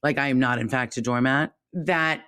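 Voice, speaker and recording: A woman co-hosting a podcast, talking in a reflective, animated way that jumps up when she stresses a point. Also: moderate pace, smooth. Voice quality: calls her own voice squeaky. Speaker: podcast co-host. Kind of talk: casual chat.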